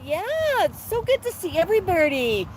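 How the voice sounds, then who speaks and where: A woman's voice: very high voice, very animated, moderate pace, low-quality recording. A woman hosting a live stream outdoors with her parrot, chatting, telling jokes and laughing. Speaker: livestream host with her parrot. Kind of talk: casual chat with joke telling. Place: outdoor patio. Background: faint street traffic.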